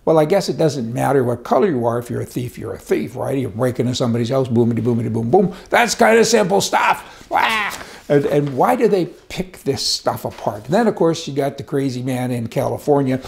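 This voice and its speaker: A man's voice: medium pitch, a little fast, creaky. A man giving a sarcastic, indignant opinion commentary as a political commentator. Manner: sarcastic, indignant rants with laughs.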